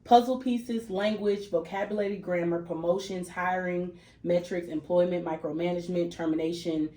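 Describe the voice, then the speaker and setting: Lively, low-voiced woman podcast host. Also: normal speed. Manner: animated, repeats phrases for emphasis. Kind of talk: casual chat. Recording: echoey room with faint noise.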